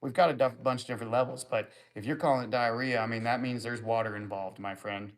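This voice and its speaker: A man hosting a live stream in a mid-pitched voice, bantering loosely with his viewers. He rambles from joke to joke with a crude sense of humor, reading comments as they come in and answering them like friends hanging out. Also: fairly even intonation, quick pace. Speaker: livestream host. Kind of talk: casual livestream chat, reading comments.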